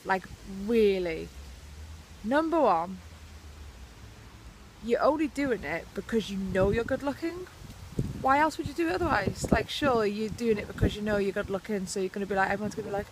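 A woman's voice: medium pitch, moderate pace, slight background noise. A woman with a Welsh accent, ranting to camera in a vlog, swearing heavily, blunt and sarcastic. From Wales. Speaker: vlogger. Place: outside her house.

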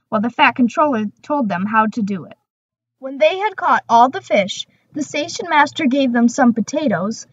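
A woman narrating a children's railway story in a gentle, measured reading voice. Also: fairly high pitch, no room sound, muffled recording. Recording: music bed behind the voice. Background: background music.

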